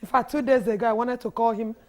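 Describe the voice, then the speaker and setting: A woman in her fifties with a Nigerian English accent and a hoarse voice, telling her personal story haltingly as a guest on a TV panel. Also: a little high, steady tone, a little mellow. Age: 50s. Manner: halting, restarts and repeats as she recalls. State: hoarse, has lost her voice. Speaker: guest, widows' foundation founder.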